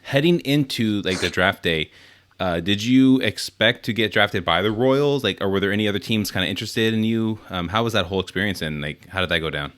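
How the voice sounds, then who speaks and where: A man hosting a podcast, asking casual questions and giving short, relaxed affirmations. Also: lowish voice, fairly quick. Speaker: podcast host.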